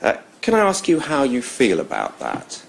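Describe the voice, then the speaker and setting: A man asking a formal, measured interview question in a broadcast clip. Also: medium pitch, wildly swooping pitch, vocal fry.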